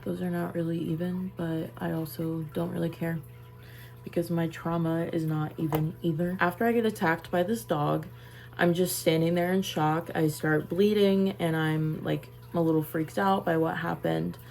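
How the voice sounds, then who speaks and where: A young woman with a low, gravelly voice recounts a personal story straight to camera. She talks casually and emphatically, circling back to repeat her words. Her delivery stays plain and conversational. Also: fairly even intonation, moderate pace, darkish tone. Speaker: vlogger.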